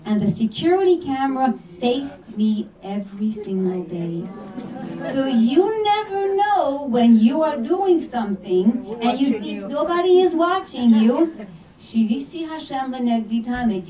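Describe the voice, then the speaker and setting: Middle-aged woman judge giving a talk, animated storyteller, mellow tone, echoey room. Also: sits high, a little slow. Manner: animated storytelling, acting out family dialogue. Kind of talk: speech to a religious gathering. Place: community hall of a religious center. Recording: roomy hall, voice from far off the mic.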